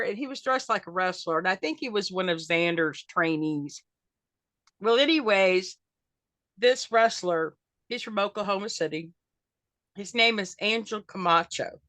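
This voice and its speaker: An older woman from Arkansas, USA, speaks in a lowish, animated voice at normal speed, with a pushed, bright tone and no echo. A wrestling fan character appearing as a guest, she tells wrestling stories in a casual interview, chatty and folksy, laughing often and acting out quotes.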